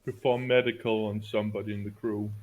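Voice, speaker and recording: A man chatting casually as a player in a tabletop game. His voice is somewhat low, and he talks in a hesitant, mumbling way with a playfully sulky edge. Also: level tone, brisk, a little mellow, poor audio.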